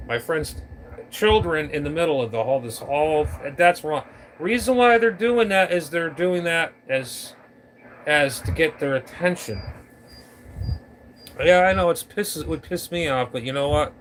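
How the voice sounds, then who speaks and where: A man's voice: on the high side, a bit bright, a little hiss or hum. A man vlogging about ham radio, ranting to his camera on a tripod at home in a rambling way, stumbling over his words. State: allergies acting up. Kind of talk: casual rant to camera.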